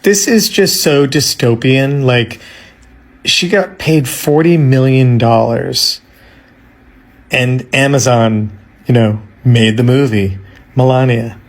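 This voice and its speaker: A man's voice: mid-range voice, slow. A man reacts with scoffing disbelief, taking his time over each phrase. He sounds like he can barely believe what he is describing. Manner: incredulous and scoffing. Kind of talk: reaction commentary.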